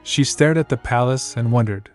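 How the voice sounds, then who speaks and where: A man narrating a story recap in a steady, plain storytelling manner on a close mic. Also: mid-range voice, moderate pace, faint music behind.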